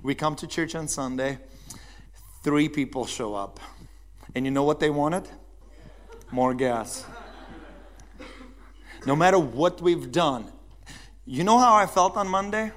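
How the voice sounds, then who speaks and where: A man with a notably high-pitched voice delivers a sermon as the church's pastor. He tells his story with lively energy and keeps turning to the congregation with questions.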